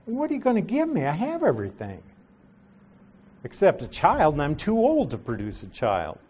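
A preacher acting out an old man who has everything but an heir. He questions God in a bitter, emphatic voice that climbs high on his questions. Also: huge pitch swings, moderate pace, a little mellow, breathy edge, exaggerated voice.

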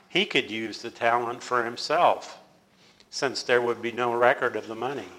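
Male Bible teacher, measured and explanatory, average pitch. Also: a bit bright, rough recording. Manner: measured, explanatory, with small restarts.

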